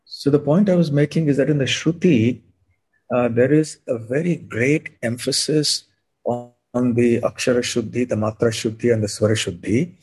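A man speaking as a guest monk on a podcast, explaining in a measured way and often clearing his throat. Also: medium pitch. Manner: measured, frequent throat clearing, sips to soothe throat.

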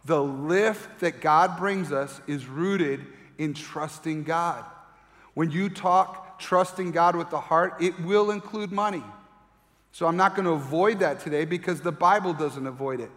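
A middle-aged man preaching from the pulpit with a fairly high voice. He tells a family story with animated delivery, acting out the voices. His words ring out with the long reverb of a large hall. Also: a little slow. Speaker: pastor. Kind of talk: sermon with personal story.

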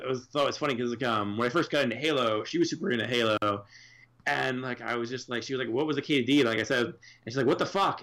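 A man's voice: mid-range voice, fairly bright tone. A man co-hosting a podcast in casual chat, rambling and swearing with many fillers. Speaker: podcast co-host.

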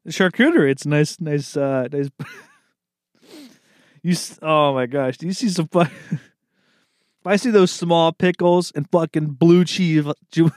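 A man's voice: on the high side, a little mellow, dry recording, studio quality. A young man riffing comedically on his own, rambling and profane, calling everyone dude and laughing at his own jokes.

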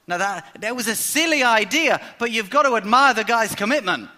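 A man preaching a sermon, telling the story in a lively way and acting out the characters' lines. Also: very high-pitched, normal speed. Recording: long hall reverb.

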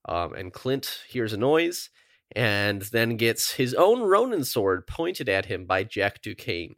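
A man with a lowish voice co-hosts a casual podcast chat. He recaps at length, rambling and full of ums, animated in spots. The sound is dry and close. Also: slow pace, dry recording. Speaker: podcast co-host.

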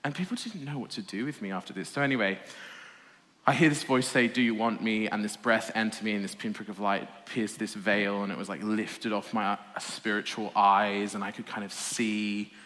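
Bright-voiced man giving a lively testimony. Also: fairly low pitch, moderate pace. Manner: animated, laughs often, self-deprecating humour. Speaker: speaker giving a talk. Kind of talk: personal testimony talk. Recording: reverberant hall.

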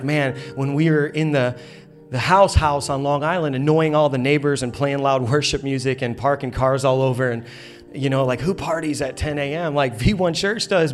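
Lively male pastor, faint music. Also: a little high. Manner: energetic storytelling with playful acted quotes. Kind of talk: sermon. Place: church auditorium.

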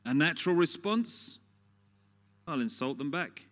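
A man's voice: fairly high pitch, animated, measured pace. A man preaching a sermon in a conversational, storytelling way, often asking the listeners questions.

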